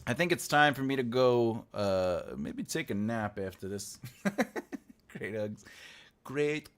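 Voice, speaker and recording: A man's voice: medium pitch, a bit bright. A man hosting a writing livestream, chatting casually and rambling as he reads out and answers chat messages, often laughing.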